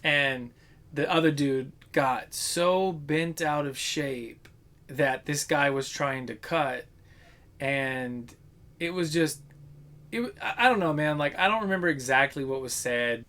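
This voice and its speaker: Guy in his 30s, kinda high voice, chatty and animated, swears a lot, acts out what people said. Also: a little slow. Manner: animated storytelling with swearing and acted-out quotes. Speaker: podcast co-host. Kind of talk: casual chat.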